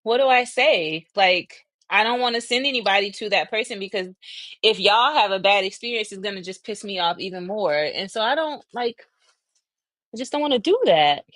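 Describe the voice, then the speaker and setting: A young adult woman hosting a casual livestream, chatty, thinking aloud and laughing often, a little breathy from asthma. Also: mid-range voice, animated, normal speed, a bit bright, no echo. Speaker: livestream host.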